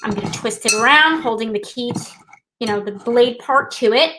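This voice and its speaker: A woman's voice: fairly high pitch, moderate pace, very noisy. A woman hosting a live trivia night, chatting casually and explaining things step by step with a self-deprecating touch. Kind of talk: casual live-stream demonstration.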